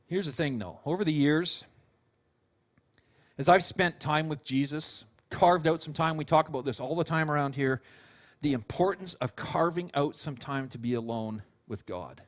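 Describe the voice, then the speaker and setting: A male pastor preaching a sermon in an animated storytelling way, with casual fillers and restarts. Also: on the high side, moderate pace. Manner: animated storytelling, acting out quotes.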